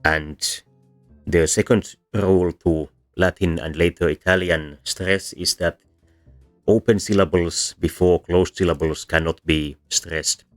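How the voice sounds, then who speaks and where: Deep-voiced man lecturing with hesitant pauses. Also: steady tone, faint music behind. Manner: hesitant, many ums and self-corrections. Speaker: language teacher. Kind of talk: explanatory lecture while drawing.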